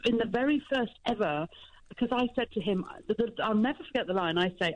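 A woman's voice: mid-range voice, lively intonation, quick pace, dull audio. A woman speaking as a guest on a radio show by phone, bubbly and effusive, telling anecdotes. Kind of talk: casual radio interview. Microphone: phone line.

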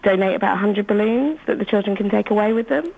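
A woman's voice: mid-range voice, quick pace, creaky, darkish tone. Shy lady caller on a radio show, ums a lot, kinda muffled phone sound. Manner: shy, hesitant, umming. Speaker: caller, shop worker.

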